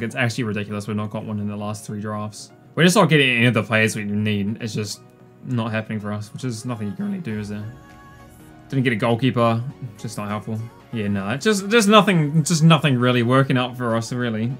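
Young guy narrating his game, sarcastic and fed up, jumps to excited yelps, faint music behind. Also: medium pitch. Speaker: gaming YouTuber. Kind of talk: casual gameplay commentary.

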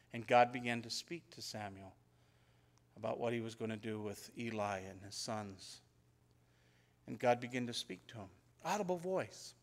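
A pastor telling Bible stories in a conversational sermon and acting out the dialogue. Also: male voice, medium pitch, a bit bright. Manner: conversational storytelling, acts out biblical dialogue. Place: church.

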